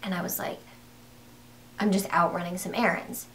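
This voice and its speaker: A woman's voice: on the low side, normal speed, a little hiss or hum. Chatty young woman vlogger. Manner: rambling and excitable, full of "like" and restarts. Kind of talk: casual storytelling to camera.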